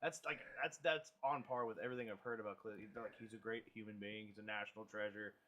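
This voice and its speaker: A young man hosting a podcast in laid-back casual chat, often saying "dude" and breaking into loud laughing exclamations. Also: on the low side, fairly even intonation, fast talker. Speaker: podcast host.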